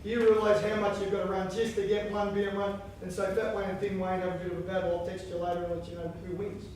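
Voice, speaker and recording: A man giving a lively conference keynote on coaching, chanting lines and acting out inner voices. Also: sits high, quick pace, slight background noise. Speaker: keynote speaker. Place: large conference hall. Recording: echoey hall from far off.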